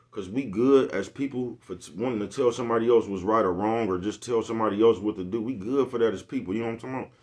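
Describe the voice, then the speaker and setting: A young man rambling in a casual vlog monologue, laughing often and swearing heavily. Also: fairly low pitch. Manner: laughs often, crude slang, keeps asking "you know what I'm talking about". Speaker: vlogger.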